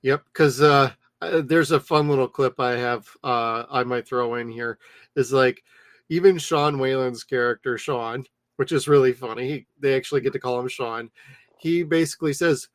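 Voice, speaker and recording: A man's voice: mid-range voice, normal speed, dry recording. A man co-hosting a casual podcast, talking eagerly with lots of fillers about a show he loves. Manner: enthusiastic, filler-heavy. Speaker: podcast co-host. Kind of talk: casual chat.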